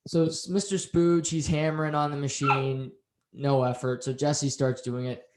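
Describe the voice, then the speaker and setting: A man's voice: medium pitch, normal speed, noisy background. A man co-hosting a podcast, casually recapping a TV episode and acting out the characters' lines as he tells it. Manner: animated storytelling, acts out quotes. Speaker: podcast co-host. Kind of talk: casual show recap chat. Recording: roomy echo.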